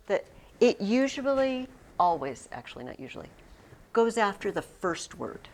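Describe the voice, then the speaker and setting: A woman teacher leads a Latin lesson for a classroom of students. She talks at an unhurried pace and restarts her sentences often. Her voice moves up and down a lot as she explains each point. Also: medium pitch, fairly bright tone. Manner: patient, drawn-out explanations with frequent restarts.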